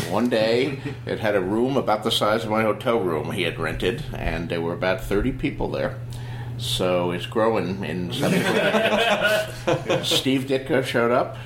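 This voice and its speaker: An older man from New Jersey tells stories in a casual hotel-room interview. His low voice swings widely in pitch as he reminisces with chuckles. The room is echoey, with a faint hum behind him. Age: 60s. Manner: animated storyteller, reminiscing with chuckles. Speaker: podcast guest.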